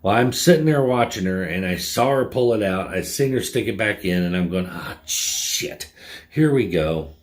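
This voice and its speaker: A man's voice: on the low side, a little fast, hardly any pauses. A man vlogging a casual story and rant about a rude customer at his gas station job, blunt and profane.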